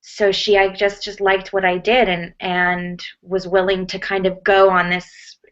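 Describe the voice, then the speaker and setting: A woman's voice: mid-range voice, little pitch movement, measured pace, a bit bright. An American woman answering interview questions casually, chatty with lots of fillers and restarts. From United States. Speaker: actress, interview guest. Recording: muffled lo-fi audio.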